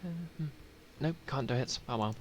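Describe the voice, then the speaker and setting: A man's voice: medium pitch, a little slow, a little hiss or hum. A man streaming a game, reading its text aloud with dry, self-mocking asides.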